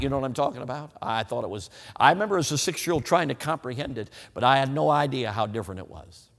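Emphatic preacher in a reverberant hall. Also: male voice, mid-range voice, lively intonation, fast, gravelly, hardly any pauses, a bit bright. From United States. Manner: emphatic, repeats points, addresses the crowd as friends. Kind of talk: sermon.

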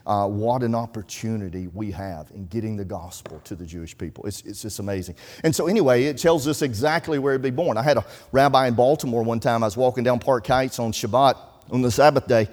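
A man's voice: medium pitch, a little mellow. A man preaching a sermon, telling folksy stories and quoting scripture. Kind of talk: sermon storytelling. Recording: reverberant hall.

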